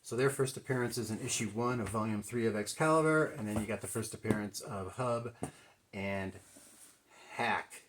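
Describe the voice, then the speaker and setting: A man's voice: lowish voice, normal speed, noisy background. A man with a Midwestern accent, casually rambling through a comic book haul as a collector, thinking aloud with plenty of fillers. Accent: American Midwest. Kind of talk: casual unscripted video commentary.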